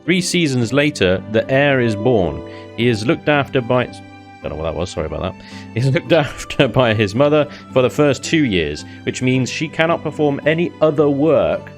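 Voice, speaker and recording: A man's voice: medium pitch, sing-song, normal speed, faint music behind. A man giving casual, joking commentary while playing a video game, laughing often. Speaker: gaming YouTuber.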